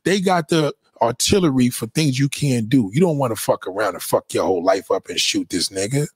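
Man, husky, blunt, crude, preachy rant, lots of swearing, dry close sound. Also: mid-range voice, expressive, brisk, dry recording. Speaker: commentator. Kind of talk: profane rant.

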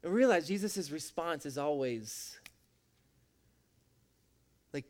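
A man's voice: fairly high pitch, normal speed, a bit bright. A man preaching a sermon as a pastor, with an emphatic, repetitive cadence.

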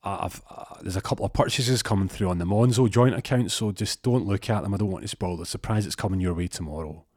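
A man doing a calm, reassuring husband. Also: deep voice, quick pace, hardly any pauses, no room sound, studio quality. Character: reassuring husband away on business.

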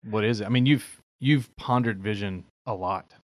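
A man's voice: fairly low pitch, normal speed, no room sound. A man co-hosting a podcast in casual, easygoing chat. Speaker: podcast co-host.

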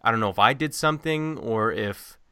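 A man's voice: medium pitch, fairly quick, pushed and bright, smooth. A man hosting a podcast in casual conversation, laid-back and encouraging. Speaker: podcast host.

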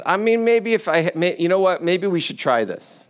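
Male preacher, relaxed conversational sermon, slips into playful complaining voices. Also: high-pitched, moderate pace, few pauses. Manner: storytelling, acts out complaining voices in paraphrase; chatty, joking with the congregation. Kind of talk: casual sermon.

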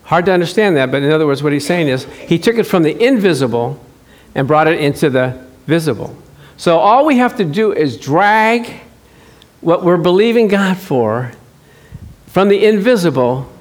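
A man preaching a sermon, animated, asking the congregation questions and acting out little dialogues. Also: fairly high pitch, normal speed.

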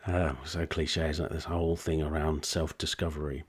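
A man hosting a podcast, talking reflectively and haltingly, with soft laughs between his thoughts. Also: a bass voice, level tone, husky. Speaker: podcast host. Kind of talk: conversational interview.

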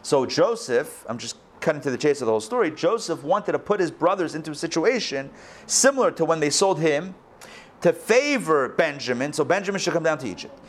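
Rabbi guy teaching a live class, swings up and down a lot, slightly high voice. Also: brisk. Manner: animated storytelling, acts out quoted lines. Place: school hall, recorded live.

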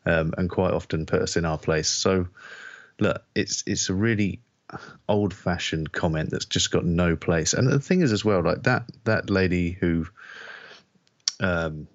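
Deep-voiced man, dry dull recording. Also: measured pace, dry recording. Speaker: podcast co-host. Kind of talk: casual chat.

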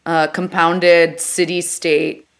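A woman's voice: lowish voice, flat delivery, slow pace, clear, resonant tone. A woman co-hosting a podcast, chatting casually in a playful way. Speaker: podcast co-host. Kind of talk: casual chat.

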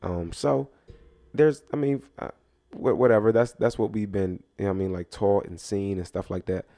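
A man co-hosting a podcast, from Jamaica, bantering playfully and putting on a loud, mock-stern teacher act. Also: lowish voice, fairly even intonation, brisk. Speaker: podcast co-host.

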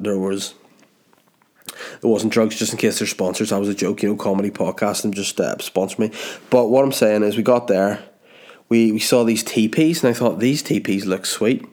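A man with a Northern Irish accent from around Belfast, hosting a comedy podcast. His voice sits a little low and sounds stuffed up from a blocked nose. He rambles through his story with self-mocking asides. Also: a little mellow. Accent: Northern Irish, Belfast area. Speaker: podcast host.

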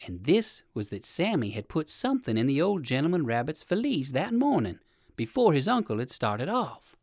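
A man narrating a children's storybook in a gentle, expressive read-aloud manner. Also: on the high side, moderate pace, no echo, clean studio sound.

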